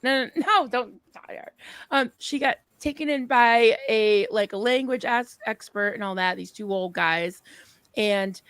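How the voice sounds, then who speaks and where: A woman's voice: fairly high pitch, measured pace, a bit bright, smooth, no room sound. A woman co-hosting a casual live-stream chat, telling stories in a chatty way. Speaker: co-host.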